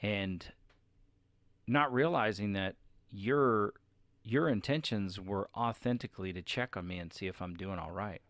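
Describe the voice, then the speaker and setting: Male co-host, slightly low voice, dry close sound, candid confessional talk. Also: a little slow, fairly bright tone, dry recording. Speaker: podcast co-host with his wife. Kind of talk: casual chat.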